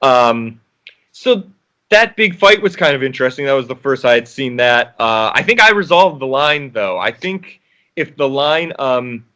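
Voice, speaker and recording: A man's voice: mid-range voice, expressive, measured pace, bright, forceful tone. A man, an actor guest, chatting casually in an interview, rambling with restarts and frequent laughs.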